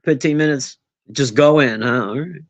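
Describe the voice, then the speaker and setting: A loud, brash woman in her fifties chatting casually on a live stream from her room, teasing and roasting her viewers. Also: extremely low pitch, moderate pace. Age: 50s. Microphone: own desk mic.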